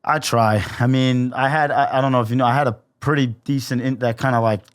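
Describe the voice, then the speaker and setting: A young man, a podcast guest, telling a story in a casual, profane, animated way and acting out the quotes. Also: medium pitch, brisk, no echo, clean studio sound.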